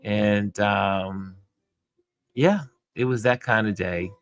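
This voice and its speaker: A middle-aged man hosting a casual livestream chat from home, talking in an easygoing, rambling way with soft laughs. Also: on the low side, slow. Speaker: livestream host reading chat.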